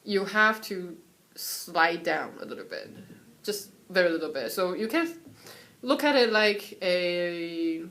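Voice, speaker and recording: A young woman from Taiwan giving a casual, chatty lesson on Mandarin tones at home, sometimes singing syllables to show the pitches. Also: takes it slowly. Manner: relaxed, chatty, breaks off to soothe her cat; sings syllables and solfege to demonstrate tones. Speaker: Mandarin tone teacher.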